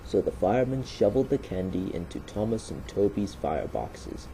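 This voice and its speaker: A man narrating a children's story aloud in a steady, plain reading manner. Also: fairly low pitch, moderate pace, soft background music, poor audio.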